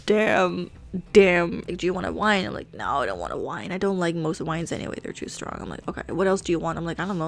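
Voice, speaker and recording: A woman in her late twenties chatting casually and laughing at herself while she plays a game. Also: mid-range voice. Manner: chatty and self-mocking, laughs often, swears casually. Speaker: Sims gaming YouTuber. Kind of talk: casual chat over gameplay.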